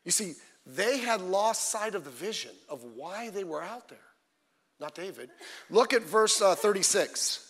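A middle-aged male pastor delivers a sermon in a notably high voice. He talks in a lively, folksy way and rises to shouts when he presses a point. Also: a little slow. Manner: animated, shouting at climaxes, folksy asides.

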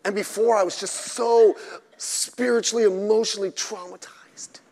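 A man voicing a soft-spoken, self-pitying churchgoer in a breathy, mocking whisper. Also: sits high, fairly even intonation, normal speed, long reverb tail.

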